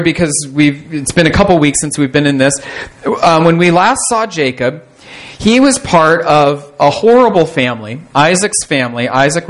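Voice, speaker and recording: A man preaching in a loose, conversational way, with a voice sitting a little higher than most men's. He pokes fun at himself and keeps restarting sentences as he talks to his congregation. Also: poor audio. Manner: conversational, self-deprecating, with repeated restarts. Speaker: pastor. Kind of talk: sermon.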